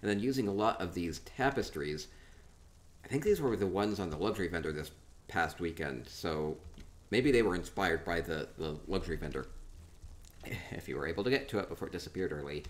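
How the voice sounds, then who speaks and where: Playful low-voiced male streamer. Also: expressive, brisk. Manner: playful, rambling, thinking aloud. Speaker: streamer touring player homes in a game. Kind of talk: casual live-stream commentary.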